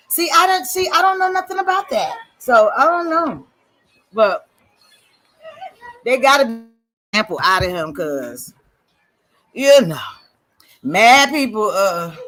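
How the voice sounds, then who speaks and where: A woman's voice: a little high, a bit bright. A woman hosting a casual livestream, rambling and swearing freely as she answers her viewers' chat. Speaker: livestream host.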